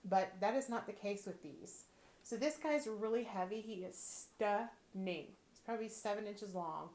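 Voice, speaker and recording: A woman's voice: mid-range voice, normal speed, darkish tone. Chatty woman in an echoey room. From Texas. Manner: chatty and playful. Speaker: jewelry reseller. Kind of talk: casual chat. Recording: roomy echo.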